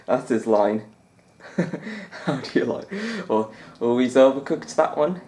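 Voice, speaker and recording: A young man gives loose, rambling let's-play commentary and laughs often. His voice sits at an ordinary mid pitch. The recording has a roomy echo. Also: takes it slowly, pauses often, darkish tone. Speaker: gaming YouTuber.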